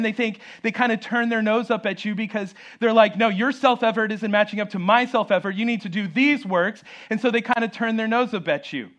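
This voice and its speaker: High-voiced man preaching a lively sermon. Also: highs cut off. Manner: animated, acts out quoted voices; joking asides. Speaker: pastor.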